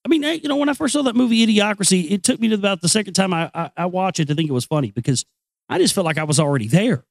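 A man's voice: high-pitched, expressive, rapid-fire, vocal fry, no room sound. A man hosting a show, ranting bluntly and sarcastically about the news with plenty of profanity, then reading aloud from a book. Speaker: show host.

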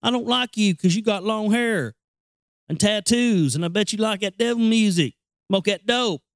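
Man doing a taunting small-town cop, drunk on power, drawling and sneering, voice pushed up high. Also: moderate pace, no echo, studio quality, close to an everyday voice.

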